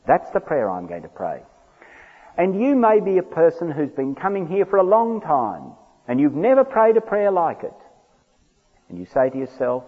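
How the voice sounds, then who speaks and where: Male preacher, husky voice, lively pitch, echoing church hall, tinny phone-like sound. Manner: earnest, pleading, slows to a hush in prayer. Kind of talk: evangelistic sermon with altar call. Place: large church.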